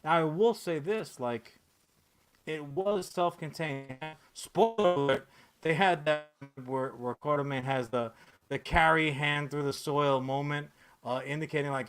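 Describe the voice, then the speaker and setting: A man's voice: fairly high pitch, a little slow, fairly bright tone, soft background music. A man in his thirties hosting a casual comic-book podcast, ranting sarcastically and profanely with lots of fillers and restarts. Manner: profane, rambling, sarcastic rant with many fillers. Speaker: podcast host.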